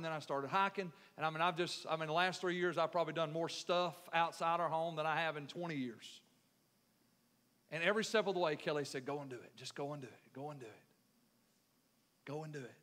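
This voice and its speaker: A middle-aged man preaching a sermon as pastor, building from quiet, measured talk up to loud, forceful preaching. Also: a little high, steady tone. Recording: echoey hall reverb.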